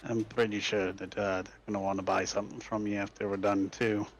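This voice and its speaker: A man playing a tabletop game, speaking in a polite, measured tone as an investigator. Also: lowish voice, flat delivery, a little hiss or hum. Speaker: player. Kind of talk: in-character tabletop play.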